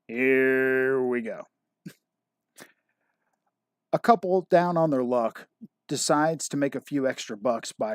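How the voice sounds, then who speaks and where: A man's voice: on the high side, a little mellow, dry recording, studio quality. A man hosting a casual livestream and calling bingo numbers, chuckling often with self-deprecating banter. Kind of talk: casual live-stream chat.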